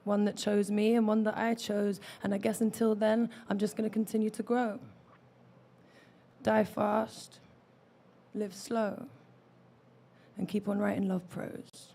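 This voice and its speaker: A woman's voice: mid-range voice, level tone, unhurried, creaky, long pauses, mellow. A young woman from London with a London accent, performing rhythmic rhyming spoken word poetry into a stage microphone at an open mic. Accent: London English. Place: open mic venue, indoors.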